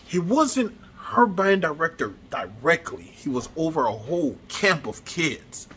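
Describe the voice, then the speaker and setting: A man's voice: a little high, very animated, unhurried, a bit bright, a little hiss or hum. A man, casually telling a heartfelt story to his viewers, earnest and repeating himself as he goes. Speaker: vlogger.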